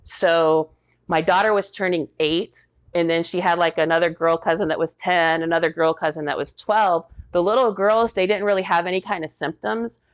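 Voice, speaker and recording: Woman, 40s, veteran interview guest; lower voice, animated storyteller, muffled lo-fi sound. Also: moderate pace. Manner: lively retelling, acts out quoted dialogue. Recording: dull lo-fi audio.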